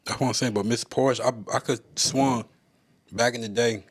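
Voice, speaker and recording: A man co-hosting a podcast, dropping relaxed remarks into casual chat. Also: mid-range voice, moderate pace, slightly rough.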